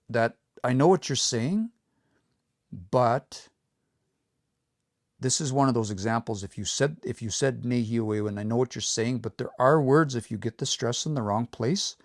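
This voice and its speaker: A man teaching pronunciation on a livestream, repeating words slowly and coaching learners to say them out loud. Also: medium pitch, no echo, clean studio sound. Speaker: language teacher.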